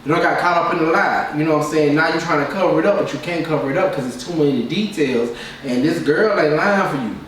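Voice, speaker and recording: A man's voice: on the high side, quick pace, a bit bright. A man casually giving his opinions as a reality TV reviewer, in a loose, repetitive way with lots of filler phrases. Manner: loose, repetitive, keeps saying "you know what I'm saying". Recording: very echoey room, distant mic, faint noise.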